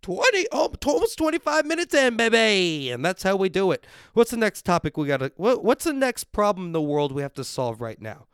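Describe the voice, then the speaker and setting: A man's voice: high-pitched, big pitch swings, brisk, hardly any pauses, clean tone, no echo, clean studio sound. A man hosting a podcast on a livestream, ranting and swearing constantly while he drinks and reacts to viewers. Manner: drinks on air and reads viewer comments. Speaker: podcast host. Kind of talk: profane livestream rant. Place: at home.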